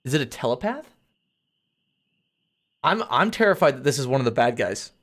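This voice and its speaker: A man reading a gamebook aloud on a live stream, mixing steady narration with casual, crude asides. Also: mid-range voice, moderate pace. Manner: casual and crude, reads narration then chats.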